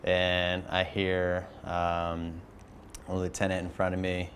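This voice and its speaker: A man from the aircrew recalling an incident in an interview, speaking haltingly with many fillers. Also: deep voice, completely flat delivery, fairly bright tone, slight background noise. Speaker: aircrew member recounting an incident. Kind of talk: interview recollection.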